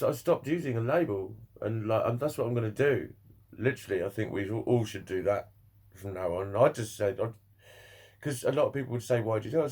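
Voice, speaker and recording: A man's voice: mid-range voice, a little mellow. A young man chatting casually to camera, rambling and swearing, laughing often between thoughts. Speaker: vlogger.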